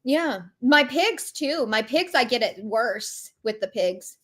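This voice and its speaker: A woman's voice: on the high side, expressive, takes it slowly, a bit bright. A woman co-hosting a casual podcast chat, talking in a chatty way with many fillers. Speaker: podcast co-host.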